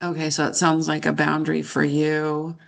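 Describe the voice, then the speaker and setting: A woman practicing as a counselor, calmly paraphrasing and reflecting back what she hears. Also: deep voice, normal speed, vocal fry. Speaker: counselor in training.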